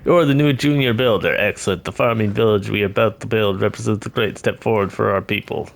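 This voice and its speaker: A man's voice: fairly low pitch, quick pace, creaky. A man reading a game's village leader aloud in a theatrical voice with a put-on, vaguely Russian accent. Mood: grandiose. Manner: grand, theatrical reading of game dialogue.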